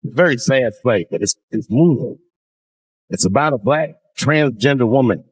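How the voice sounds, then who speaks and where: A man in his forties performing a loose, profane stand-up set, drawling with sudden jumps in pitch. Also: lively intonation, moderate pace, slightly rough. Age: 40s. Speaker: stand-up comedian.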